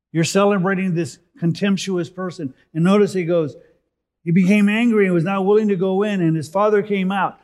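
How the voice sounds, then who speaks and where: Slow, measured male preacher. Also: high-pitched. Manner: expository, rising for emphasis then dropping softly. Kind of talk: sermon.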